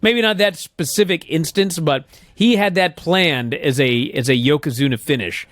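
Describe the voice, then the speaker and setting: A man's voice: a little high, moderate pace, fairly bright tone, no room sound. A man co-hosting a podcast, chatting casually in a blunt, profane, exasperated way. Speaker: podcast co-host. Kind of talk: casual chat.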